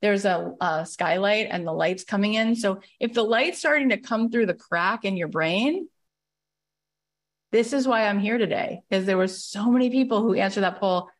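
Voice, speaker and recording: A middle-aged American woman hosting a live podcast talk, speaking with emphatic, excitable energy and acting out quoted dialogue. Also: medium pitch, moderate pace. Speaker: podcast host and business coach.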